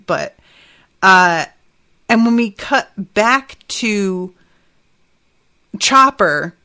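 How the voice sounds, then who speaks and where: A woman's voice: mid-range voice, fairly bright tone. A woman hosting a podcast, recapping an episode in a chatty way with laughing asides and frequent fillers. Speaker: podcast host.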